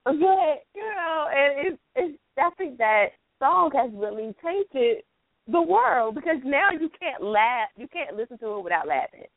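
A woman's voice: high voice, lively intonation, a little slow, no room sound, phone-quality sound. A woman co-hosting a radio talk show in casual chat, laughing often.

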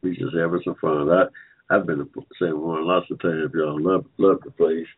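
A man's voice: deep voice, level tone, moderate pace, husky. Older man hosting a chatty call-in show. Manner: rambling, joking, repeats himself. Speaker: talk show host. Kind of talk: casual chat to listeners. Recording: phone-like line.

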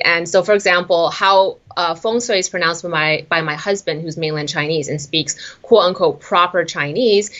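Chatty low-voiced woman, lo-fi sound. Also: a bit bright. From southern Taiwan. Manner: chatty, laughs often, many fillers. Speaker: author and guest. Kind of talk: casual interview talk.

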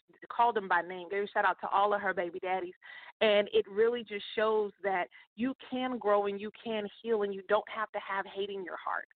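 Speaking straight to her audience, a success coach hosts a casual morning podcast in a mid-range voice, chatty, upbeat and somewhat preachy. The sound is tinny and phone-like, completely dry with no room sound.

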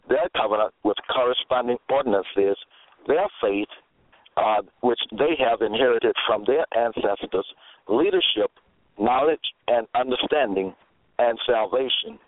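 Preacher guy lecturing, keeps asking "okay?", pitch jumps all over, dry tinny phone sound. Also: no room sound. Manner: didactic, asks the listener rhetorical questions. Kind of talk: radio-style sermon.

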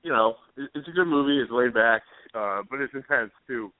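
Brisk and medium-pitched, this male radio co-host rambles through casual chat, hesitating and leaning on fillers. The recording is dry and has a tinny, phone-like quality.

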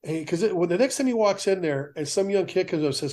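A middle-aged man with a fairly high voice, hosting a fire service talk show. He tells stories in casual chat and acts out the voices of the people he quotes with lots of life. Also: fast talker, hardly any pauses. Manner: animated storyteller acting out quoted voices. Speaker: fire service podcast host.

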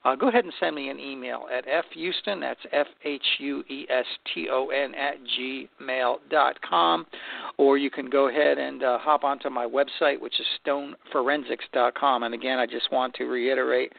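Gravelly man on a tinny line. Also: mid-range voice, normal speed, dry recording. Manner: relaxed, folksy, repeats words while thinking. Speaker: host of a stone and tile advice show. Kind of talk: casual storytelling to listeners. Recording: dry tinny phone-line sound.

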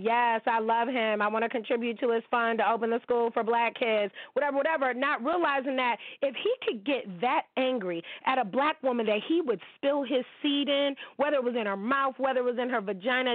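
An American woman in her forties hosts her own podcast and launches into a blunt, profane monologue rant calling people out. Her voice is high-pitched, with no echo, and the recording sounds tinny, like a phone.

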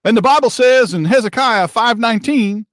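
A man's voice: very high voice, moderate pace, fairly bright tone, no echo, studio quality, voice pushed up. A man putting on the voice of a fiery preacher addressing a congregation, with a rousing, sing-song sermon cadence.

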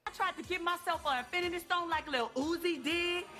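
A woman's voice: extremely high pitch, a little fast, over music. A woman playing a casual, slangy young woman in a sketch comedy TV ad.

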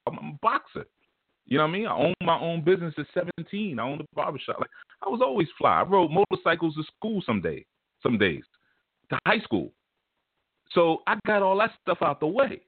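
A man hosting an online radio talk show, talking in an animated, emphatic way and repeating words as he starts his thoughts. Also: fairly high pitch, breathy edge, dry recording. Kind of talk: casual talk show monologue. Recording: dry, tinny phone line.

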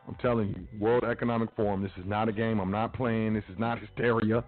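A man's voice: on the low side, level tone, quick pace, few pauses. Emphatic man on a tinny line. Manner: emphatic, street slang, talks straight to listeners. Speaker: podcast host. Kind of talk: casual commentary reading news aloud. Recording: dry, phone-like narrow sound with faint music.

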